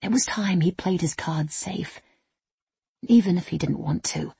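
A woman narrating an audiobook in an even, steady reading voice. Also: lowish voice, measured pace, creaky, breathy edge, no room sound.

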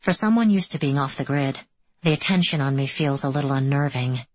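A woman narrating an audiobook in the first person, with measured, immersive reading. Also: very deep voice, dry recording, highs cut off.

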